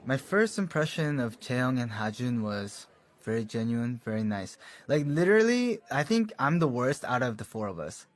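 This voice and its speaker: A man's voice: medium pitch, moderate pace. Young man telling his story casually. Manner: relaxed, chatty, laughs between thoughts. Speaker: band member recounting his story.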